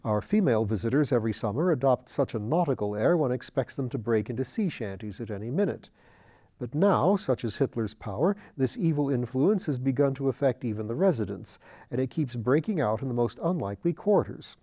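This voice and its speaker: A man reading a novel written as letters aloud, in a measured, unhurried way. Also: mid-range voice, expressive, warm tone. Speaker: audiobook reader.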